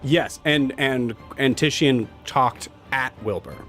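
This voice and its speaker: A man's voice: medium pitch, fairly bright tone, faint music behind. A man narrating a tabletop game as game master, stumbling over fillers and laughing often. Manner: halting, full of fillers and laughs.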